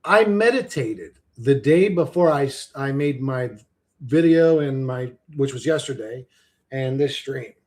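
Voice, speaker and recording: A man's voice: medium pitch, expressive, measured pace. A man ranting on a livestream in a casual, rambling, sardonic way, swearing freely.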